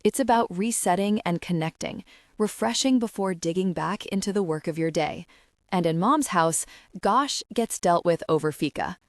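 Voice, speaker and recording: Female audiobook narrator, first person, reflective, lower pitch, dry studio sound. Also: moderate pace, dry recording.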